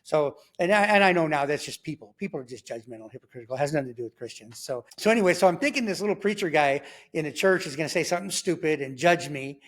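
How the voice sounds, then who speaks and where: Fast-talking man telling his testimony. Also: fairly high pitch. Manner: animated, acts out his own quoted remarks; conversational, checks in with the listener. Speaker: guest sharing a faith testimony. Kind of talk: casual spoken storytelling.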